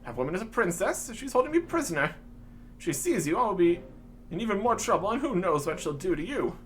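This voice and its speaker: A man's voice: high-pitched, big pitch swings, brisk, slight background noise. Man as a pompous bearded old dwarf, plummy old-fashioned posh diction, sing-song delivery. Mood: fussy.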